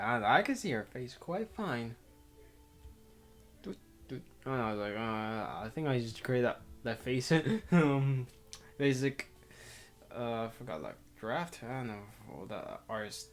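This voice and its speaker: Rambling man reading a visual novel aloud. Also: mid-range voice. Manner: rambling, self-interrupting, laughs often. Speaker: let's player.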